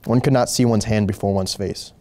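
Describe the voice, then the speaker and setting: A man reading a short story aloud as host, slow and deliberate with occasional small slips. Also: lowish voice, steady tone, mellow. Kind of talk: measured story narration.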